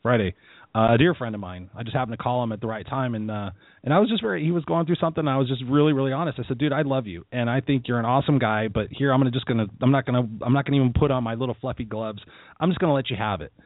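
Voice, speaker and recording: Blunt fast-talking man on a phone line. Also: mid-range voice, dry recording. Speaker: podcast host. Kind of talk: casual interview chat. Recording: tinny phone-line audio, dry.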